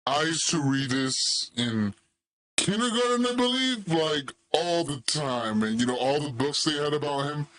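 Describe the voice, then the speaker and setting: A man's voice: a little high, lively intonation, measured pace, a bit bright. A man hosting a reaction video, commenting casually with laid-back, chuckling asides.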